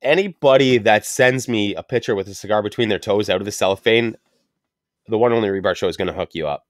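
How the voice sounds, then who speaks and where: A young man with a lowish voice hosts a laid-back cigar podcast, cracking crude jokes and rambling through stories. The sound is dry and close. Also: fast, no room sound. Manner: crude, joking, rambling storyteller. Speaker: podcast host. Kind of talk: casual cigar podcast chat.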